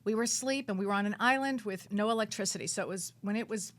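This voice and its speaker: A woman who works as a psychic medium, a guest on a radio talk show, telling her story in an animated, dramatic way and repeating words for emphasis. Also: fast talker. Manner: animated, dramatic storytelling with big swings in pitch and loudness.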